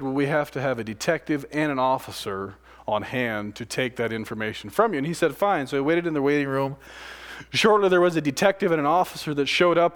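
A man preaching a sermon, retelling another man's story in his words, swinging between loud passages and near-whispers. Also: medium pitch. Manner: dramatic, swings from loud to hushed.

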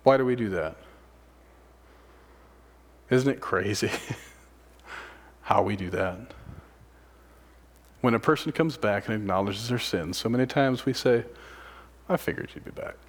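A man preaching a sermon, swinging from loud, excited exclamations to hushed, almost whispered lines, and asking many rhetorical questions. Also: on the low side, unhurried, long pauses. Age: adult, a father of sons.

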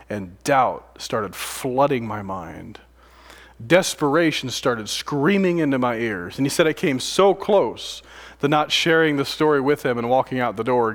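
A male preacher retells a story from the pulpit in a dramatic way. He pushes up high and loud at the big moments, then drops to quiet, low near-whispers. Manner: dramatic, swings from loud to hushed. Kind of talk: sermon storytelling.

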